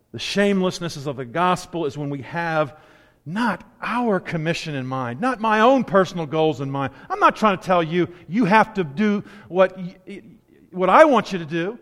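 A man's voice: high voice, expressive, measured pace, a bit bright. A man preaching a sermon in a conversational, storytelling way, with asides, in a church sanctuary with a long hall echo.

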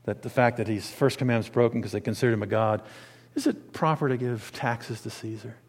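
A man preaching a sermon, swinging between quiet, low asides and loud, emphatic declarations. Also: brisk, husky, in a large hall.

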